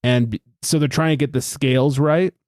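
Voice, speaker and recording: A man's voice: medium pitch, fairly even intonation, normal speed, a little mellow, no echo, clean studio sound. A man hosting a casual podcast, telling stories in a chatty, profane way and acting out quoted voices. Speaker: podcast host.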